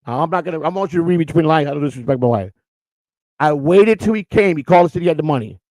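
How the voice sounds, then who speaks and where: A man's voice: fairly high pitch, expressive, very fast, a little mellow, dry recording. A man from the Chicago area hosting a show, telling a story in profane, rambling street talk. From Chicago area, USA. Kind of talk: casual storytelling.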